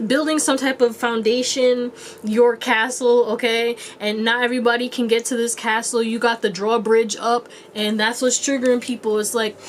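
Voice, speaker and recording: In a casual pick-a-card tarot reading, a young woman talks in a chatty, rambling way full of playful asides. Her voice sits a little high. Some slight background noise can be heard.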